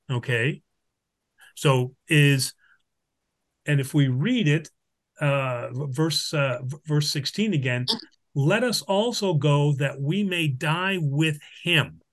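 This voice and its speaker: A man's voice: fairly high pitch, lively intonation, slow, a bit bright. A man teaching a Bible study, talking unscripted with many restarts and "all right?" check-ins. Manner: explains with Greek examples.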